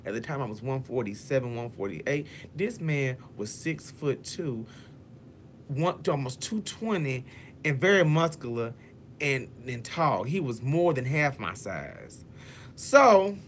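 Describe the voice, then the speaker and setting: A man's voice: a little high, a little hiss or hum. A man telling a story to his viewers, cursing freely and acting out what each person said. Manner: profane, dramatic, addresses viewers as y'all; acts out quotes in shifting voices. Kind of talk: animated storytime vlog.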